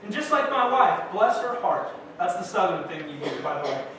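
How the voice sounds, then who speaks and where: His high, slightly bright voice has a sing-song lilt as this young pastor preaches at a moderate pace, telling casual stories that make light of himself. The sermon takes place in a church sanctuary, captured from a distance in the echoing hall with faint background noise.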